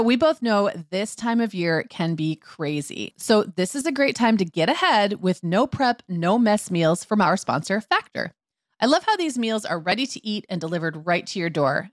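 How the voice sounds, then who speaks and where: Lively, animated woman podcast host. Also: medium pitch, no echo, studio quality. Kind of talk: casual chat and ad reads.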